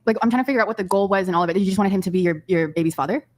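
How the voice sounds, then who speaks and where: A woman's voice: mid-range voice, very fast. A woman co-host asking puzzled questions, trying to follow the guest's reasoning.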